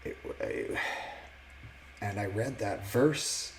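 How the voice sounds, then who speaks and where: A man casually sharing a personal faith testimony, earnest and reflective, often pausing and restarting his words. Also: lowish voice, slight background noise, rough recording. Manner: halting, with many restarts and fillers.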